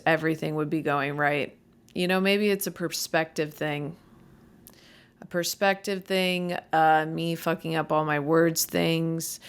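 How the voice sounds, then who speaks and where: A woman's voice: low-pitched, clean tone. A young woman comedian hosting her own podcast, rambling casually, tripping over her words, easily irritated, with a voice that cracks. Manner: stumbling, self-deprecating, easily irritated.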